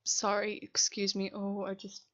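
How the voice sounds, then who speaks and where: A woman's voice: medium pitch, completely flat delivery, a little slow. Rambling young woman, muffled voiceover. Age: young adult. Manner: rambling, chatty, self-deprecating. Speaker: sims builder voiceover. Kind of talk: casual voiceover chat. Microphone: desk microphone.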